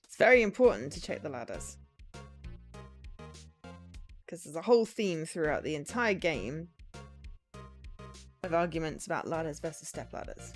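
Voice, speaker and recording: A woman's voice: low-pitched, sing-song, normal speed, soft background music. A woman casually commenting on a video game as she streams it, playful and chatty. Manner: playful, reads game text aloud. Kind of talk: casual let's-play commentary.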